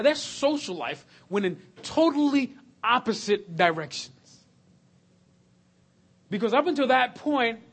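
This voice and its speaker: A man preaching a sermon, swinging between loud, emphatic lists and hushed, slow passages. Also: high voice.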